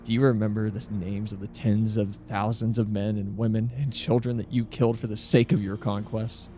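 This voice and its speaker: A man voicing a stern older imperial commander from a game, grave and measured. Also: fairly low pitch, little pitch movement, dark tone, voice pushed down, lightly acted. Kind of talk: voicing game dialogue on stream.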